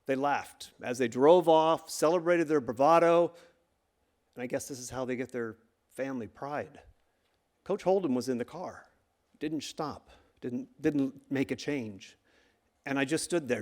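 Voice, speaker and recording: A middle-aged man telling a true story live on stage, acting out the coaches' shouts with lively energy. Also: mid-range voice, measured pace, pauses often. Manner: animated, acts out the shouts of coaches. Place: stage before a live audience.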